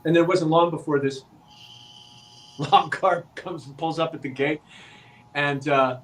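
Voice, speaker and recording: A man's voice: on the high side, a little slow, slight background noise, rough recording. A man, an actor guest on a podcast, telling a long anecdote in casual chat and acting out the quoted lines. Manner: animated anecdote teller, acts out quoted dialogue. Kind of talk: casual storytelling.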